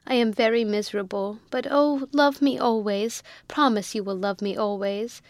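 A woman's voice: a little high, normal speed, no room sound, natural voice. A woman reading the part of a poor young woman with a sweet, simple, faltering voice, in a storybook reading. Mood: tearful.

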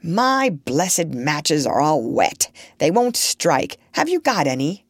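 A woman's voice: deep voice, very animated, slow pace, no echo, studio quality, heavily acted. A woman voicing a kind, bustling little man, a country doctor who talks in cheery, eager exclamations. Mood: matter-of-fact.

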